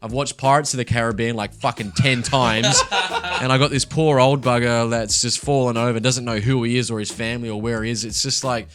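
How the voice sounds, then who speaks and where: A man's voice: medium pitch, steady tone, a little fast, fairly bright tone. A young man talking candidly and casually as a podcast co-host, swearing freely and laughing as he tells his story. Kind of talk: casual chat.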